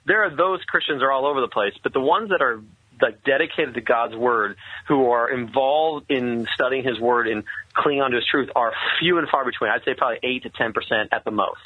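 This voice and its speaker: A man's voice: mid-range voice, slightly rough, no room sound. Earnest man with a tinny, phone-like sound. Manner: earnest, halting, many restarts. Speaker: guest telling his story. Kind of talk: conversational storytelling.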